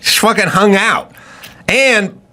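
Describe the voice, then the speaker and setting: A man's voice: high voice, slow pace, pushed and bright. A man hosting a podcast, ranting in blunt, profane and sarcastic commentary. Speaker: podcast host.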